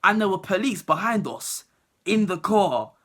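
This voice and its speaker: A young woman telling a storytime vlog in an animated, laughing way. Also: medium pitch, unhurried. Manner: animated, laughing, acts out other people's voices. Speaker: vlogger.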